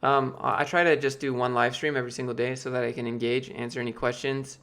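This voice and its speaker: A man's voice: mid-range voice, little pitch movement, quick pace, a bit bright. A man in his late twenties, losing his voice, rambling casually as he answers questions from his live-stream chat. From Georgia, US. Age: late 20s. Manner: rambling, filler-heavy, restarts often.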